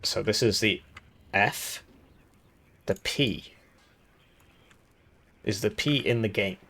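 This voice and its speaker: A man with a raspy voice giving casual commentary as he reviews a strategy game's update, thinking aloud with fillers and restarts. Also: fairly low pitch, takes it slowly, bright, forceful tone. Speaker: gaming YouTuber reviewing a devblog.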